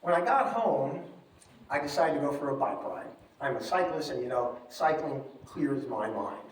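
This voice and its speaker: A middle-aged man telling a personal story on stage, wry and animated, acting out the lines he quotes. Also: mid-range voice, normal speed, a little hiss or hum. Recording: echoey room, from far off.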